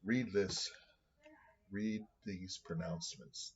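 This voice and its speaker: A man reading scripture aloud on his vlog and thinking out loud about what it means. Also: fairly low pitch, steady tone, measured pace, highs cut off. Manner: thinking aloud, with many restarts.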